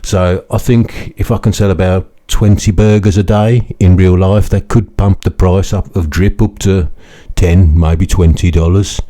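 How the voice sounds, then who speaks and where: A dazed crypto promoter, as a man puts him on, with a low, mellow voice. He rambles his sales pitch quickly. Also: steady tone. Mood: dazed hype. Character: dazed male burger-van crypto promoter.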